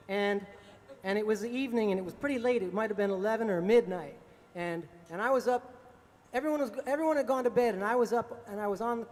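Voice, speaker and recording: A man from the Appalachian South, a musician, telling a story in a casual, chuckling way with many filler words. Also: high-pitched. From American South, Appalachia. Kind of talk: storytelling monologue. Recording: long reverb with faint music.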